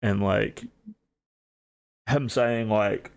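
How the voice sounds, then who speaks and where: Gravelly New Zealand man, rambling. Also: on the low side, steady tone, extremely slow. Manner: rambling, filler-heavy, laid-back. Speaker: streamer. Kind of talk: casual stream commentary.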